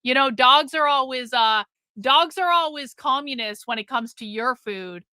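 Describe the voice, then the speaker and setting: A woman hosting a live stream, chatting casually with her audience and telling a rambling, profane story with lively swings in loudness. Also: high voice, normal speed, smooth, no room sound. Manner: animated, jumps between loud and quiet.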